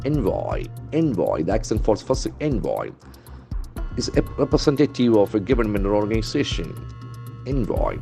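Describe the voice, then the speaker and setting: A man's voice: on the low side, a little fast, mellow, soft background music. A man teaching vocabulary from the news, spelling words letter by letter and repeating them. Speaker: English trainer. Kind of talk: newspaper vocabulary lesson.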